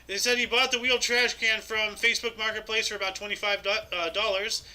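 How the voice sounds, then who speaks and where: Pria bersuara tinggi dan cerah, membaca berita. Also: male voice, high voice, flat delivery, a little fast, pushed and bright, poor audio. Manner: reads articles with stumbles and asides. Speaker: podcast co-host reading news. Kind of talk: casual chat, reading news stories aloud.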